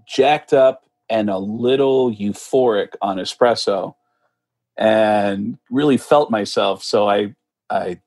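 Animated male comedian telling stories. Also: mid-range voice. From United States. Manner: animated, acts out other people's voices in quotes. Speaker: podcast guest, comedian and impressionist. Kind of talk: casual storytelling.

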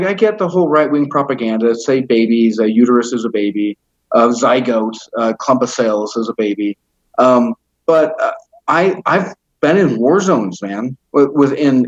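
A man's voice: mid-range voice, dull audio. A man as an interview guest, telling his story in a heated, rambling way, swearing often and stumbling over fillers. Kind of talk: casual storytelling.

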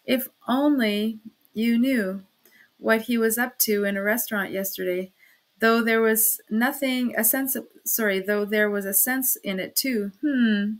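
A woman voicing a thoughtful, earnest young man giving calm advice in a read-aloud novel. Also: on the high side, unhurried, lightly acted. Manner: thoughtful, reassuring.

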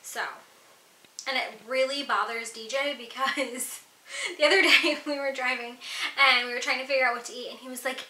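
Young woman, bright voice, giggly, casual vlog chat, echoey room. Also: sits high, steady tone, normal speed. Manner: chatty, giggly, many fillers. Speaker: vlogger.

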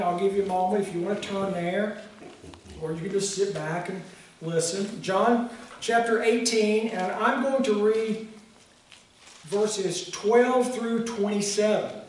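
A man preaching a sermon and reading scripture aloud as pastor, in a slow, measured way with pauses. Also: high voice, darkish tone. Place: church sanctuary. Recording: echoey sanctuary, mic set far off.

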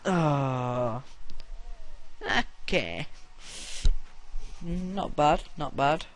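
A young man commenting crudely on his own gameplay and shouting battle cries. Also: fairly high pitch, expressive, extremely slow.

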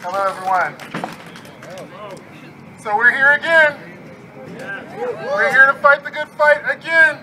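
A man's voice: very high-pitched, pushed and bright, slight background noise, poor audio. A man, a state legislator, giving a fiery, rousing rally speech outdoors while frustrated.

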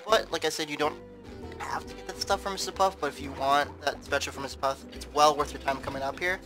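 Man, casual let's play commentary, rambling and chatty, slightly high voice, game music behind. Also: quick pace, poor audio. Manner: rambling, repeats words, chatty. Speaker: gameplay commentator.

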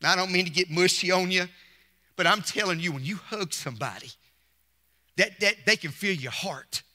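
Emphatic pastor preaching in a hall. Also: male voice, sits high, moderate pace, bright, forceful tone. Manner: emphatic preaching with repetition and call-outs. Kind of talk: Mother's Day sermon. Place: church sanctuary. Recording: long church hall reverb.

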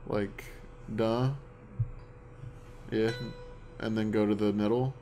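A man's voice: fairly low pitch, level tone, mellow, faint music behind. A young man co-hosting a let's play, chatting dryly and giving blunt directions. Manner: dry, unhurried, gives blunt directions. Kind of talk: casual gameplay commentary.

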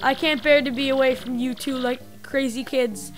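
Woman doing a gruff old mob boss. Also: high-pitched, fairly even intonation, moderate pace, faint music behind, close to an everyday voice. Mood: tender. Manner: tough-guy drawl with dropped words.

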